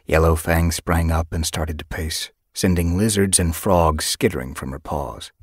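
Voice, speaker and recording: A man narrating an audiobook in an expressive storytelling manner, recorded in a studio. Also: a bass voice, moderate pace, few pauses, slightly rough, no echo. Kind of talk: scripted narration.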